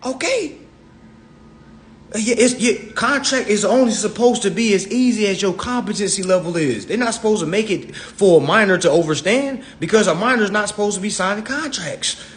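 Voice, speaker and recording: A man's voice: high voice, animated, fairly quick, few pauses, fairly bright tone. A young adult man hosting a phone livestream, talking bluntly and profanely in a preachy rant full of acted-out dialogue. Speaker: social media live host.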